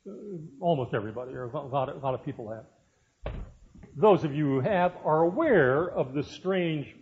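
A man's voice: a little high, animated, normal speed, a little hiss or hum. A male professor in his sixties giving a university lecture in a classroom, speaking conversationally with frequent fillers and asides to the students. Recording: dull lo-fi lecture recording.

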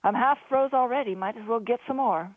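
A woman's voice: fairly high pitch, dry recording, pitched above the performer's own voice, natural voice. A woman doing a cheeky young sailor. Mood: teasing. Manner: wheedling, quick-witted banter. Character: cheeky young male ship's crewman, joking. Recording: dry, phone-like narrow sound.

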